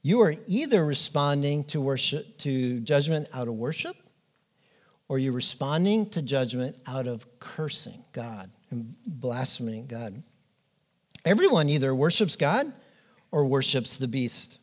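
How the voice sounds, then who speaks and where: A man preaching a sermon as pastor, earnest and emphatic, pausing often and restarting phrases. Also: medium pitch, very animated. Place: church.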